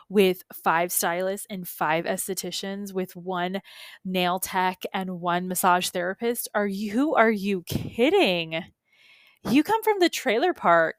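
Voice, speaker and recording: A woman's voice: medium pitch, dry recording, clean studio sound, close to an everyday voice. A woman voicing a small, sneering inner gremlin that belittles and doubts. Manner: scornful, belittling.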